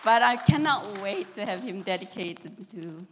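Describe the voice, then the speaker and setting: A woman giving a fervent testimony in church, talking quickly with bursts of laughter. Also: mid-range voice, lively intonation, a bit bright, a little hiss or hum. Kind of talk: emotional spoken testimony. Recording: long hall reverb.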